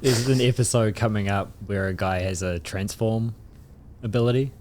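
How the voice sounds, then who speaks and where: Laid-back low-voiced man chatting. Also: moderate pace, darkish tone. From New Zealand. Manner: laid-back, agreeing, laughs often. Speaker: podcast co-host. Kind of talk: casual comedic banter.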